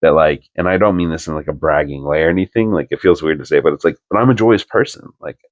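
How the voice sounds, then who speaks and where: A young man with a very low voice talks casually as a podcast co-host. He tells his story earnestly, wandering through sentences packed with "like". The sound is dry and close, with no room around it. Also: quick pace, no room sound, highs cut off. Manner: rambling, full of "like" fillers, earnest.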